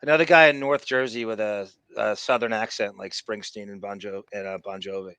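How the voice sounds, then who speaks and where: A man's voice: lowish voice, steady tone, a little fast, sharp tone, smooth, no echo. A man hosting a podcast, making wry, sarcastic remarks over a clip. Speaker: podcast host reacting to a clip. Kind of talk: casual commentary.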